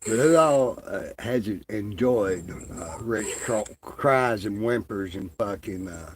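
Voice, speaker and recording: A man's voice: fairly low pitch, lively intonation, slow pace, background noise. A man ranting in crude, profane, mocking commentary, drawling with lots of fillers. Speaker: online commentator.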